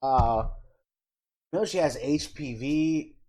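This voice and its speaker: A middle-aged man hosting his channel, giving candid, opinionated reaction commentary, swearing casually and pausing with fillers. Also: a little high, dark tone. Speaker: channel host reacting to a trailer.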